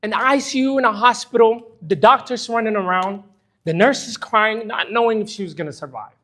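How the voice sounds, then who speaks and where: A man's voice: high voice, normal speed, fairly bright tone. A middle-aged man teaching a church Bible study, speaking earnestly and emotionally about personal pain. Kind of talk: impassioned church lesson.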